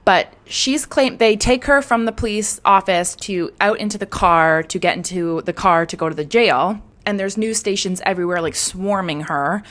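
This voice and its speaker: A woman's voice: medium pitch, normal speed, hardly any pauses, a bit bright. A young woman, a true-crime YouTuber, casually telling a crime story in a chatty, candid way, full of fillers and casual swearing.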